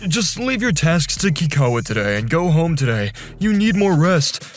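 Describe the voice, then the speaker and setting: A man's voice: a little high, sing-song, normal speed. A man voicing a stern office manager who scolds his staff in a firm, direct way.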